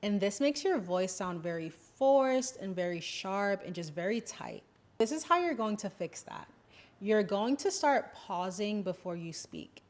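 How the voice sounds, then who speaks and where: Calm woman giving gentle advice. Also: medium pitch, unhurried. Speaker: femininity lifestyle coach. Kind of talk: advice vlog talk.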